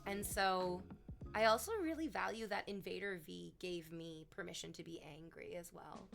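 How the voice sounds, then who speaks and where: Bright-voiced, animated woman streamer. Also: fairly low pitch, normal speed, gravelly, soft background music. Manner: animated, swears freely, swings between soft reflection and loud emphasis. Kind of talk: casual chat on stream.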